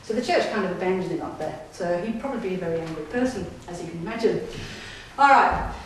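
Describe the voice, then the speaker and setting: A woman's voice: fairly low pitch, expressive, quick pace, far from the mic. A woman, a paranormal investigator giving a chatty talk to an audience, often checking in and laughing. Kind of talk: casual storytelling talk to an audience. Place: display day inside an old gaol. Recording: echoey room heard from afar, faint hiss.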